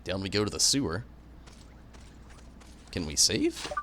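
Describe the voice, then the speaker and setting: Lively low-voiced man streaming a game. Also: a little slow, noisy background. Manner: chatty, joking, reads game dialogue aloud. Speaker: gaming streamer. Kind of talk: let's-play commentary. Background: game music.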